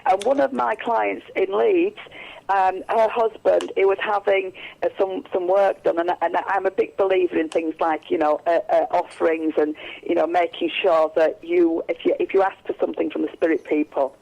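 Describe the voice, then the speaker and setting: A woman tells long stories as a guest on a radio interview, rambling along with restarts and fillers. Her voice has a gravelly edge. The sound is dull and lo-fi, like an old radio recording. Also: on the low side, steady tone, moderate pace, a little mellow. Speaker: psychic medium guest.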